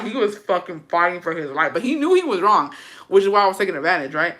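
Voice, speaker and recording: Young woman, bright tone, profane and animated casual storyteller who mixes in Spanish. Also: mid-range voice, quick pace.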